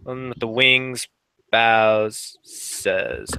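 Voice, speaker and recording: A man running a tabletop game, briskly narrating scenes and voicing side characters. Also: medium pitch, lively intonation, pushed and bright, dry recording. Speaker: game master.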